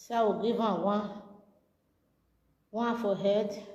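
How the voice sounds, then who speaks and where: A woman's voice: medium pitch, fairly even intonation, slow, a little mellow, roomy sound, in a large hall. A Nigerian woman vlogger doing a comic skit monologue in a mock-soothing tone, repeating herself often.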